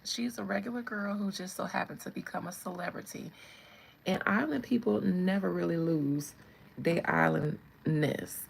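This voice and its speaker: A woman hosting her channel, giving casual, animated celebrity commentary, laughing often and talking straight to her viewers. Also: lowish voice, moderate pace, gravelly, husky, poor audio. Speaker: channel host.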